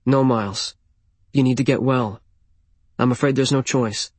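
A soft-spoken, kindly hospital doctor, as a man reads him in a storybook, gentle and measured at an even middle pitch. The voice has a slightly husky grain and sits close and dry, with no room around it. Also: no echo, close to an everyday voice. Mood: gently firm.

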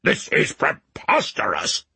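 A man voicing a pompous, cowardly old king who is quick to rage, in a read-aloud story. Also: fairly high pitch, huge pitch swings, gravelly, bright, forceful tone, husky, dry recording, pitched above the performer's own voice, exaggerated voice. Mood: blustering.

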